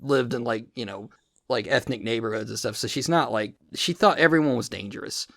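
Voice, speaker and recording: A man's voice: medium pitch, a little fast, creaky, fairly bright tone, no room sound, clean studio sound. A man hosting a casual podcast who tells rambling, profane stories with many restarts. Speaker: podcast host.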